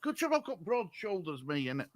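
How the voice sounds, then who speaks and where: A man's voice: sits high, sing-song, fairly quick, slight background noise. A man, co-hosting a casual live stream, chatty with viewers and flustered by the technology. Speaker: stream co-host.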